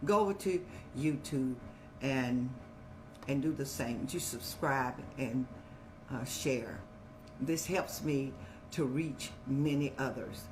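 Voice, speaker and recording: A woman's voice: rumbling low, takes it slowly, music in the background. An older woman hosting an advice show, talking in a folksy, motherly, preaching way. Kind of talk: casual advice talk.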